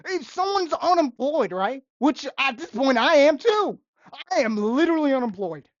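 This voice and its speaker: A woman's voice: sits high, big pitch swings, normal speed, dry recording. A young woman, a restaurant busser, ranting in a vlog monologue with sarcastic exasperation and repeated phrases. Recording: dull, lo-fi and dry.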